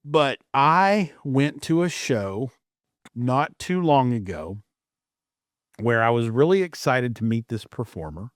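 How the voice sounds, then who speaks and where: A man co-host talks through his opinions in relaxed, casual chat, often restarting his sentences. His voice sits at a middle pitch, recorded close and dry. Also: no room sound. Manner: measured, opinionated, with frequent restarts.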